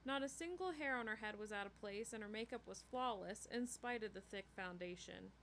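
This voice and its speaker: A woman reading a novel chapter aloud in a steady storytelling way. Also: mid-range voice, brisk, a little hiss or hum. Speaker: book reader.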